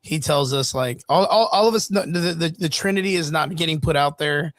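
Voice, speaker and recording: A man co-hosting a casual podcast chat, animated and quick to laugh, swearing freely. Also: a little high. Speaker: podcast co-host.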